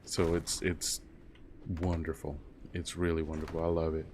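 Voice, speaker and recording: A man's voice: rumbling low, completely flat delivery, moderate pace, darkish tone, slight background noise. A man in his thirties chatting casually while gaming on a stream, rambling and laid-back. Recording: keyboard clicks and typing behind.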